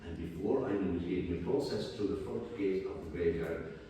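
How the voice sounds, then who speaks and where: A man with an Irish accent telling a story on stage in a live one-man show, swinging between loud and hushed and often repeating himself. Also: sits low, a little fast, a little hiss or hum. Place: stage in a hall. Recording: echoey hall, mic far off.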